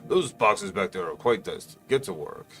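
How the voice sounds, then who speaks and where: A man's voice: low-pitched, expressive, moderate pace, faint music behind. A man voicing a cranky, bullying old male wizard headmaster who barks insults. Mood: angry. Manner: barking, scornful insults.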